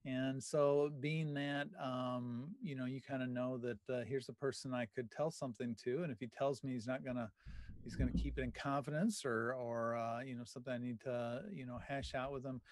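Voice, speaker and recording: A man's voice: medium pitch, steady tone, moderate pace, darkish tone, dry recording. Teacher guy on a class call, um-ing a lot, dry close sound. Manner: earnest, with many fillers.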